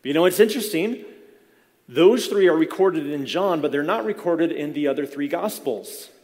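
A man's voice: fairly high pitch, animated, moderate pace, darkish tone. Man preaching in a reverberant hall. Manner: conversational, explaining with frequent restarts. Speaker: pastor. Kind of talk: sermon. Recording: long reverb of a large hall.

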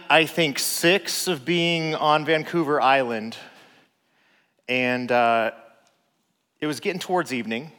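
Casual storyteller dad with reverb. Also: male voice, medium pitch, clean tone. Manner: relaxed, conversational, frequent "like" fillers. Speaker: father telling a personal story. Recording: long reverb.

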